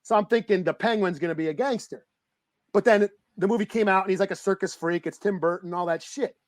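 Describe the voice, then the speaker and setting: A man co-hosting a podcast, chatting casually about a movie, rambling, excitable and swearing freely. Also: high-pitched, fast talker, no room sound, clean studio sound. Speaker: podcast co-host. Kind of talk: casual movie review chat.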